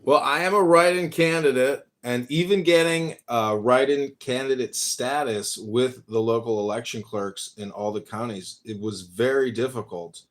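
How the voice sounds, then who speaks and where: A man's voice: mid-range voice, moderate pace, few pauses. A man from Illinois who is a write-in candidate, explaining things earnestly in a group chat.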